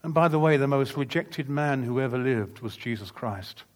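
An earnest male preacher telling a testimony from the pulpit, his pitch sitting at an ordinary middle level. He speaks with steady conviction and acts out the dialogue of the people in his story. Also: moderate pace. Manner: earnest, emphatic testimony with vivid retold dialogue. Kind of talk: sermon storytelling.

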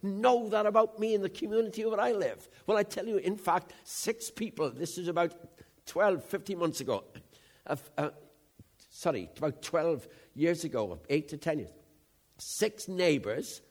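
A man, preaching a sermon in an animated, conversational storytelling way. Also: high-pitched. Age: 70s.

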